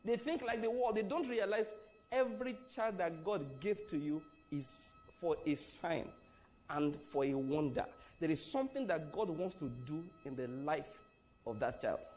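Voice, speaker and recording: Man from nigeria, preaching a sermon, fairly high voice, emphatic, asks the listeners questions, faint music behind. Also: lively intonation, measured pace, darkish tone.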